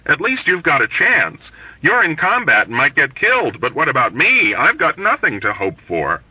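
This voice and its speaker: A man's voice: fairly high pitch, huge pitch swings, normal speed, husky, no echo, pitched above the performer's own voice, heavily acted. A man voicing a whining, self-pitying male army doctor in a mournful, petulant tone. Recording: dull lo-fi dry recording.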